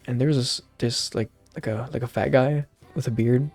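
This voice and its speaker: A man's voice: mid-range voice, steady tone, moderate pace, darkish tone, soft background music. A young man casually recapping a movie, rambling with lots of slang and fillers. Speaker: channel host.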